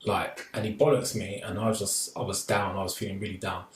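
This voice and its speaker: A man telling a story in a casual podcast chat, animated and acting out the voices of the people he quotes. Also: deep voice, brisk. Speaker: podcast co-host. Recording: echoey room, slightly distant mic, faint noise.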